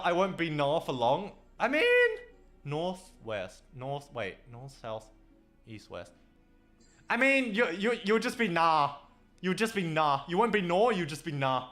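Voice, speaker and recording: A man's voice: fairly high pitch, fairly bright tone. A young Australian man chatting casually on a livestream, rambling, swearing and laughing often. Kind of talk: casual chat stream. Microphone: desk microphone.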